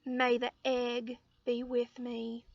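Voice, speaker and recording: A woman's voice: fairly high pitch, monotone, takes it slowly, creaky. A woman voicing a plotting, dramatic little boy in a storybook reading. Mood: proud. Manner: dramatic, plotting, drops to a whisper. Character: scheming little boy Sheldon. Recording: dull lo-fi audio.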